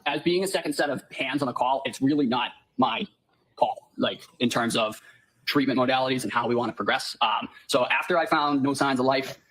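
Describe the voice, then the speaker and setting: Fast-talking man giving courtroom testimony. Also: mid-range voice, fairly bright tone, rough recording. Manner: polite, measured, answers with "yes, sir". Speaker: firefighter paramedic witness.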